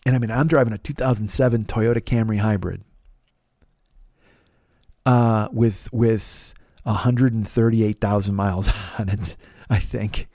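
A man's voice: on the low side, steady tone, unhurried, warm tone, no room sound, clean studio sound. A middle-aged man and comedian telling a rambling, profane story in a casual monologue, often restarting and repeating words. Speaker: comedian and podcast host.

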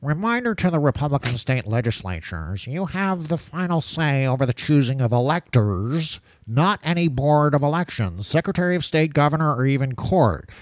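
A man's voice: fairly high pitch, big pitch swings, moderate pace, few pauses, dry recording. A man doing a mocking impression of a pompous, furious male talk-radio host, with a nasal, grandiose delivery. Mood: declaiming. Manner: grandiose, declaiming.

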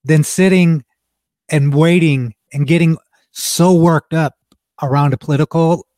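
A man's voice: fairly high pitch, fairly even intonation, unhurried, dark tone, no room sound, studio quality. A man co-hosting a podcast in casual chat, speaking bluntly and emphatically and swearing freely. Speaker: podcast co-host.

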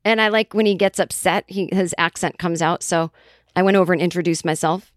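A woman's voice: on the low side, steady tone, a little fast, no room sound, clean studio sound. A middle-aged woman from the Boston area, hosting a podcast and telling a rambling, casual story, swearing freely. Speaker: podcast host.

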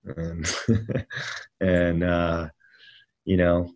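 A man with a somewhat low voice shares anecdotes as a guest in a casual interview. He talks haltingly, full of fillers, repeats and restarts. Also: completely flat delivery, a little mellow. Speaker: actor guest.

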